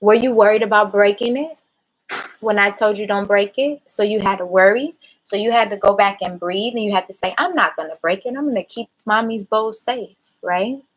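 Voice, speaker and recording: A woman talks to her child in a calm, measured way, steering her with patient questions. She is holding back tears as she speaks. Her voice sits at an ordinary pitch for a woman. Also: low-quality recording. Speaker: mother. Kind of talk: parent talking a child through a mistake.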